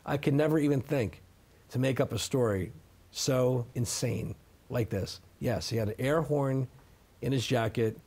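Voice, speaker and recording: In a sit-down interview, a middle-aged man speaks a little slowly, his mid-range voice slightly mellow. The guest makes his case emphatically, returning again and again to "okay?" for effect.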